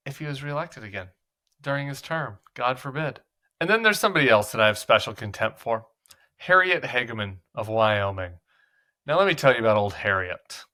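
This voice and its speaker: A man's voice: medium pitch, animated, normal speed, bright, forceful tone. A man hosting political commentary, talking casually with a sarcastic, mocking edge.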